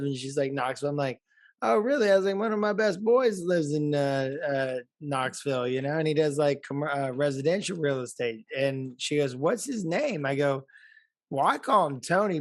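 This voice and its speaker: A man hosting a podcast and telling an animated story, repeating himself and swearing casually. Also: mid-range voice, no echo, clean studio sound. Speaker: podcast host. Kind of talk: casual chat.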